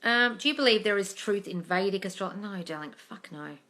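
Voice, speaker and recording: A woman's voice: mid-range voice, expressive, fairly quick, pushed and bright. A woman coach reading viewer questions aloud on a casual live stream, blunt and full of swearing, calling everyone darling.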